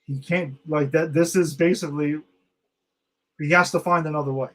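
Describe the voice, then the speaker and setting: Male podcast co-host, animated and profane, breaks down an episode in casual chat, voice pitched a little high. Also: moderate pace. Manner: excited, swears freely, acts out quotes.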